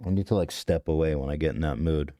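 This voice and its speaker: A man with a low, deep voice tells a confessional story on a podcast. He rambles, swears freely and cuts himself off mid-sentence. The sound is close and dry. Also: quick pace, dark tone, no room sound. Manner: rambling, profane, self-interrupting. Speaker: podcast host.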